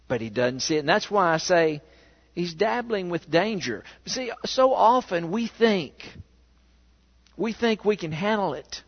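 In a dull-sounding, echo-filled recording from a sanctuary, a pastor with a rather high voice gives a slow sermon. He tells his stories with energy and keeps asking the congregation rhetorical questions.

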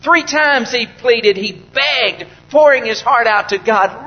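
A man with a notably high voice preaches to his congregation, asking questions and swelling into impassioned outbursts. The recording sounds muffled and lo-fi. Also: slow pace. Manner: preaching with rising fervor, rhetorical questions to the congregation. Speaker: pastor. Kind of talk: sermon.

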